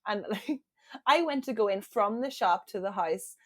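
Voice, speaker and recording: A woman from Northern Ireland co-hosting a podcast, telling stories in a giggly, animated way. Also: medium pitch, moderate pace. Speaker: podcast co-host. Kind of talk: casual chat.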